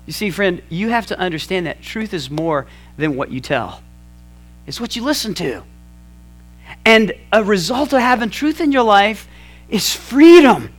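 A man preaching a sermon in a conversational, storytelling way with self-mocking humor, swinging between loud lines and hushed ones. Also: high-pitched, very animated, unhurried, soft background music. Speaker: pastor.

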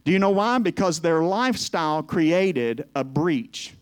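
A man preaching a sermon to a congregation, fervent and swinging between hushed, emotional passages and loud calls to the crowd. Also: on the high side, lively intonation, a little slow, smooth. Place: church with a congregation.

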